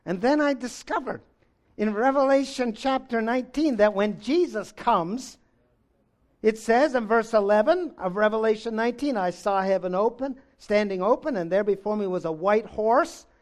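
A man preaching a sermon, reading scripture aloud and swinging between loud exclamations and low, intense stretches. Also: normal speed.

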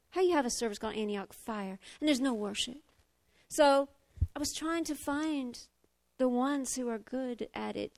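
A woman preaches with a high, bright-pitched voice, close to tears. She is expressive and confessional, swinging from loud declarations to hushed admissions. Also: vocal fry. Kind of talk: emotional sermon.

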